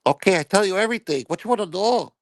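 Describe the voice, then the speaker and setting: A man voicing a timid Colombian maid who talks in a high falsetto and broken English. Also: expressive, fast, vocal fry, no room sound. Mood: meek.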